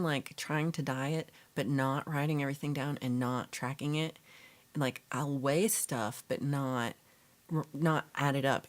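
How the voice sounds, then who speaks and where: A woman hosting a casual livestream chat, rambling with fillers as she reads out and answers viewers' comments. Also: extremely low pitch. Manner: rambling with fillers and self-corrections. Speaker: livestream host.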